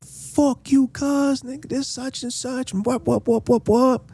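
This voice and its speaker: A man voicing a belligerent young male street fighter who shouts provoking challenges in a much higher voice. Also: fairly even intonation, a little slow, creaky, husky, exaggerated voice. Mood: aggressive.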